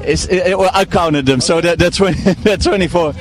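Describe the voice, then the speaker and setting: A man whose first language is Dutch, interviewing a guest on the radio and asking halting questions full of repeated fillers. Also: high-pitched, soft background music. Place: radio studio.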